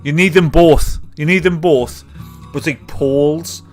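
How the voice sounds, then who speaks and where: A man's voice: fairly high pitch, measured pace, soft background music. Sweary, tipsy man. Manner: sweary, rambling, laughs at his own clips. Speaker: livestream comedy host. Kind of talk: rambling live-show chat.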